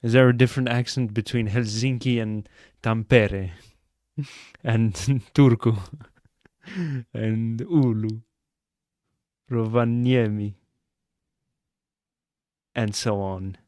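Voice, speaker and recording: A man's voice: mid-range voice, steady tone, takes it slowly, pauses often, darkish tone, dry recording, studio quality. A young man streaming a mystery game live, chatting and joking with his viewers as he plays. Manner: chatty, joking, answers chat.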